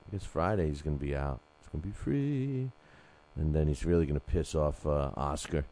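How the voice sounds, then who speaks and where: A man's voice: rumbling low, fairly even intonation, quick pace, mellow. A man hosting a boxing show alone, chatting casually, reading listener emails and rambling with many fillers and restarts. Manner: reads listener emails aloud. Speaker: boxing podcast host. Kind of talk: casual solo commentary.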